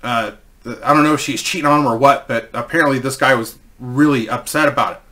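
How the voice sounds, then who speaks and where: A man's voice: medium pitch, fast talker, pushed and bright. A man in his forties telling a rambling, profane story in a casual way. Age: 40s.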